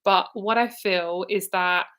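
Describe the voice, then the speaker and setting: A woman in her twenties with a British accent speaks directly to one listener during a live psychic reading. Her talk is casual and rambling, full of fillers, restarts and swearing. Her voice sits at an ordinary pitch for a woman. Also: steady tone, takes it slowly, a bit bright, smooth. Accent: British English. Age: 20s. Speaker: psychic reader.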